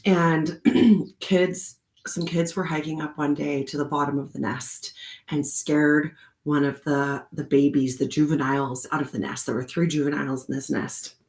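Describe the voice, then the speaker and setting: Woman, casual storytelling, lots of fillers, lowish voice, roomy echo. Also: level tone, normal speed. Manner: chatty, many fillers, acts out quotes in a high voice. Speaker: host of a card reading channel.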